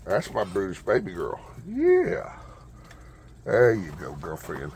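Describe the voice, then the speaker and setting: A man's voice: deep voice, huge pitch swings, slow, a little mellow, a little hiss or hum. A man, chatting casually to his viewers and sweet-talking his hens while he feeds them outdoors. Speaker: backyard chicken keeper. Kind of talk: casual vlog chat. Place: outdoor yard and front porch in freezing weather.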